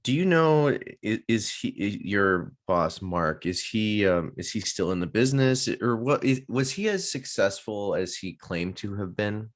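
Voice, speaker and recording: A man interviewing, asking questions in a halting way with several restarts. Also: on the low side, sing-song.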